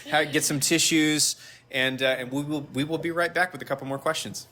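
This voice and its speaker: A man's voice: fairly high pitch, steady tone, a little fast, loud music behind the voice. A young man hosting a podcast, chatting casually and animatedly with guests, laughing easily. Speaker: podcast host. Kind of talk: casual interview chat.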